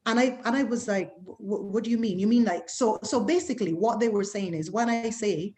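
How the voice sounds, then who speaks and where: A woman's voice: mid-range voice, brisk, hardly any pauses, mellow. A middle-aged woman from the West Indies with a West Indian accent, speaking candidly as an interview guest and acting out other people's remarks in quoted voices. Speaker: guest physician.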